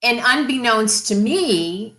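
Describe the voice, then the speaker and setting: Woman, interview guest, animated storyteller, bright forceful voice, echoey room. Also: fairly high pitch, slow. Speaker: guest, radio industry executive. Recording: roomy echo.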